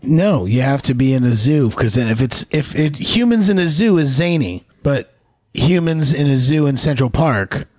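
A man's voice: mid-range voice, lively intonation, moderate pace, a little mellow, dry recording, clean studio sound. A man co-hosting a comedy podcast who piles on jokey bits. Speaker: co-host. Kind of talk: casual chat.

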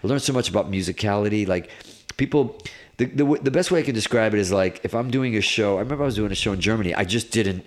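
A middle-aged man, a guest guitarist, telling stories in a casual interview, rambling and animated with lots of "like"s. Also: on the low side, fast talker. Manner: animated, rambling, filler-heavy with many "like"s.

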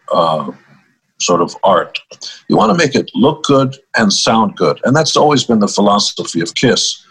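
A man's voice: lowish voice, fairly bright tone, breathy edge, rough recording. An older man, a musician guest in an interview, telling stories in a wry, easygoing way and laughing at his own punchlines. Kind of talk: storytelling interview talk.

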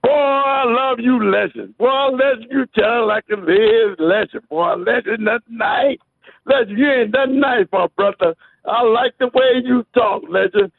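Man calling in, high gravelly voice, rambling fan, phone line. Brief: excitable repetitive caller. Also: a little slow, no room sound. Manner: rambling, repeats words. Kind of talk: excited call-in banter. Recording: dry tinny phone line.

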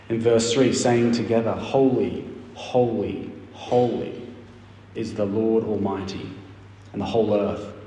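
A man preaches in a church hall, and his voice rings with a long, roomy reverb. He reads scripture and explains it emphatically, holding dramatic pauses. His pitch sits at a middling level. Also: mellow. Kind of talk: sermon.

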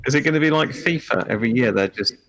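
A man's voice: mid-range voice, expressive, fast, fairly bright tone, low-quality recording. A man co-hosting a casual podcast, joking around in a mock-formal way.

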